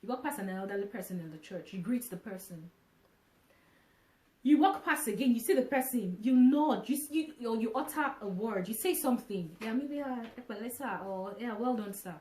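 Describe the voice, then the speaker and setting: A woman vlogging casually to camera, from Nigeria, who talks in an animated way, repeating phrases and restarting often. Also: on the high side, normal speed, echoey room.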